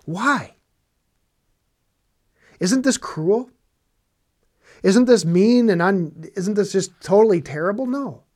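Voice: medium pitch, expressive, slow pace, long pauses, a little mellow. A Bible teacher delivers a sermon with emphatic, conversational preaching. Points are hammered home by repeating phrases, and rhetorical questions are posed to the listeners. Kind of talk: preaching on scripture.

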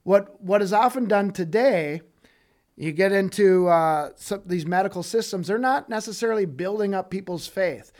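This preacher, whose voice sits high, talks at a moderate pace while teaching from the Bible in a casual style. He reads verses, performs the characters' voices with animation, and frequently pauses to check in with "okay?".

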